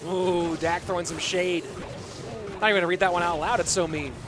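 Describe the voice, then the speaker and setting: Over background music, a man with a high voice and an American accent commentates a live esports tournament at a fairly quick pace with fairly even intonation. He's chatty, picking up viewer comments and responding to them between plays.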